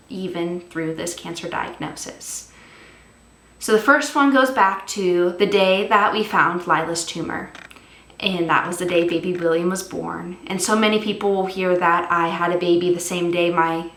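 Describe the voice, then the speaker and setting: A woman's voice: on the low side, a bit bright, roomy sound. A young mother speaking earnestly and from the heart in a personal vlog about faith. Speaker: vlogger.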